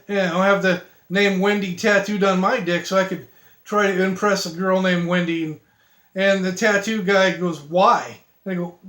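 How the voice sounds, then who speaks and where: High-voiced man telling rambling jokes. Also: a bit bright, echoey room. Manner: halting, many restarts and fillers, self-deprecating. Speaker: amateur joke teller.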